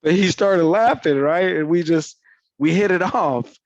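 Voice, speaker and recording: A man's voice: on the high side, unhurried, dry recording. A man from Houston, coaching real estate agents in a casual, slangy way and acting out phone calls. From Houston, Texas. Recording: slightly muffled dry recording.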